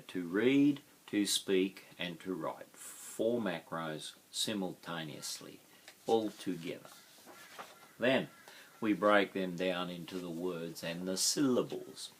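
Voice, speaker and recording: Slow, deep-voiced Australian male teacher. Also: breathy edge. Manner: slow, sounds out words syllable by syllable. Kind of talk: teaching explanation.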